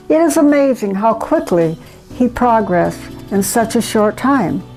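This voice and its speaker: An older woman, host of her channel, reading aloud in an earnest, gentle, emotional way. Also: medium pitch, low-quality recording.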